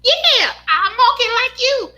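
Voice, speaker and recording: A woman voicing her little son as a small boy whose voice sounds squeaky like a cartoon mouse, proud and innocent. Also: sing-song, measured pace, bright, forceful tone, heavily acted. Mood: proudly innocent. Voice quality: squeaky, high and childlike.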